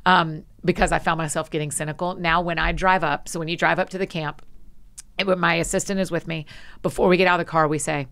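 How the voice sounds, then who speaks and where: Lively woman telling stories, lower voice. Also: creaky. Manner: animated, energetic storyteller; frequent laughs and quick asides. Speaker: podcast guest. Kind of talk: casual conversation.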